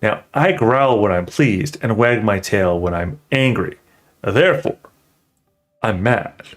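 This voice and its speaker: A man's voice: on the low side, lively intonation, takes it slowly, slight background noise. A man voicing a grinning, riddling cat in a storybook reading, sly and teasing.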